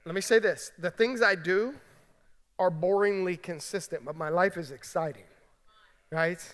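Man, pastor, high bright voice, emphatic conversational sermon, long hall reverb. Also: normal speed. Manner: emphatic, conversational preaching with frequent "right?". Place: large church sanctuary.

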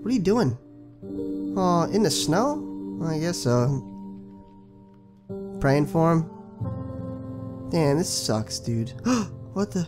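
A young man casually commenting on his own video game playthrough, excitable and profane, talking back to the characters on screen. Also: a little high, slow, pauses often, music in the background. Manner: excitable, swears a lot, talks to the game characters. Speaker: gaming channel host. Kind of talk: casual let's play commentary.

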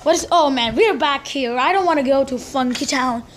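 A woman hosting a let's play, excitable and jokey, exclaiming at every surprise. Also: high voice, normal speed, slight background noise. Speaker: gaming channel host. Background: game music.

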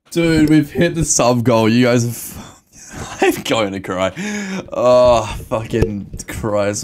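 A man live-streaming a game, excitable and emotional, swearing and laughing often as he talks to his chat. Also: mid-range voice.

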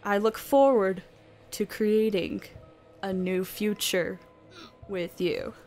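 An eerie, mysterious presence speaks slowly and softly, stretching each phrase into a hushed, ominous crawl, as a woman puts on a spooky reading voice. Faint music plays underneath. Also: mid-range voice, fairly even intonation, natural voice. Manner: slow, hushed, drawn-out reading. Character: eerie mysterious online entity, calm and ominous.

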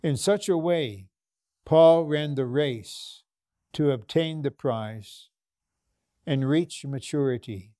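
Man preaching at a conference, slow emphatic delivery, dry close sound. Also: on the high side, mellow, dry recording. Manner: slow, emphatic preaching with repeated phrases and prayers. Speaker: conference speaker. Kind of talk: sermon.

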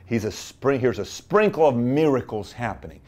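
A man's voice: mid-range voice, lively intonation, normal speed, darkish tone. A man giving business advice in a motivational talk, emphatic and full of rhetorical questions and playful sarcasm.

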